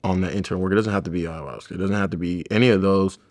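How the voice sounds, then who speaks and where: A man with a very low voice and a flat, even delivery. He talks loosely and reflectively, rambling through stories in a relaxed conversation. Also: very fast. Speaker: chiropractor. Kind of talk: casual podcast conversation.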